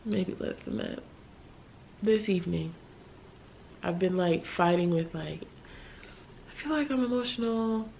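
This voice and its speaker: A young American woman vlogging late at night, talking candidly and haltingly about a hard time, with sighs and small laughs. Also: lowish voice, vocal fry, a little mellow, slight background noise. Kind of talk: emotional late-night vlog talk.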